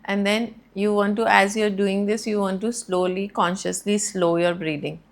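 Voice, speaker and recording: A woman speaking as a guest expert in an interview, calmly explaining how to handle anxiety and speaking straight to the listener. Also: medium pitch, normal speed, vocal fry. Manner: calm, explanatory, addresses listener directly. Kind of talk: advice interview.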